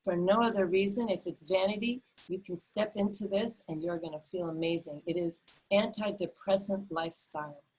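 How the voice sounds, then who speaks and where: A woman's voice: fairly low pitch, steady tone, moderate pace, hardly any pauses, a little mellow, slightly rough, low-quality recording. A middle-aged woman teaching a health webinar over a video call, earnest and repetitive, often restarting with fillers. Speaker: health educator. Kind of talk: enthusiastic webinar talk.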